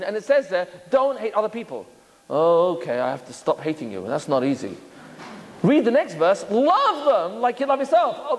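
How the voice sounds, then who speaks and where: A man's voice: extremely high pitch, in a large hall. A man, a rabbi, giving a lecture on Torah and acting out the voices he quotes. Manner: animated, acts out quoted voices.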